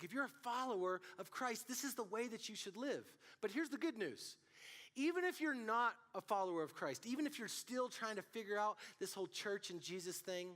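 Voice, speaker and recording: A man preaching to a student group as youth pastor, telling stories in an animated way and calling out to the room. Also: extremely high pitch. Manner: animated storytelling, calls out to the audience. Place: church hall. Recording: long hall reverb.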